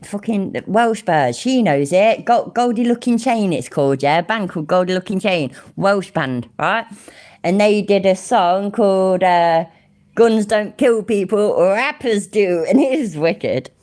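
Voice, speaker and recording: Sweary woman, lively pitch. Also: unhurried. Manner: sweary, laughing, mock-offended banter with chat. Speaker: live-stream host reacting to a video. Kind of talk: casual live-stream commentary.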